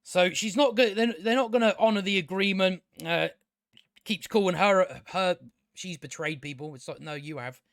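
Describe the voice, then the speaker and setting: A man's voice: high voice, moderate pace, a bit bright, no echo, clean studio sound. A man reviewing a TV show in a casual solo rant, sarcastic and profane, often stammering and restarting his sentences.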